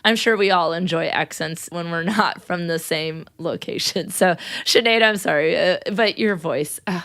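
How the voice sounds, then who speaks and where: A woman's voice: on the low side, normal speed, fairly bright tone. A young American woman hosting a podcast, gushing and laughing often as she thanks listeners in a casual chat. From United States. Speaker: podcast host. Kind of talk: casual podcast outro and shout-outs.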